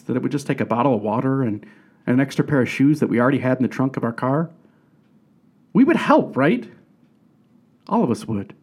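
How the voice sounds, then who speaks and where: A man's voice: medium pitch, a little mellow. Man preaching in a conversational style. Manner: conversational preaching with rhetorical questions; restarts and repeated words. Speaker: pastor. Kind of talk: sermon.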